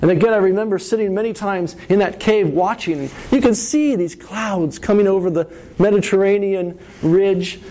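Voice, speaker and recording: A middle-aged man preaching a sermon, telling a story with lively rises and falls and often asking "right?". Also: high-pitched, moderate pace. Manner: animated storytelling, asks "right?".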